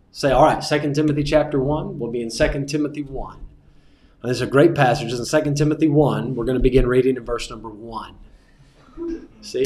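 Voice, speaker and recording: Joking preaching teacher, echoey room. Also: male voice, on the high side. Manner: relaxed, joking, repeats key phrases. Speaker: preaching instructor. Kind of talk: teaching a class on sermon delivery.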